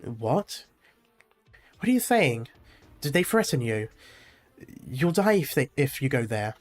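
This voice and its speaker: A man's voice: medium pitch, big pitch swings, slow pace, faint music behind. A man reading aloud the lines of a protective, worried young man from a game, in his own lightly acted voice. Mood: urgent.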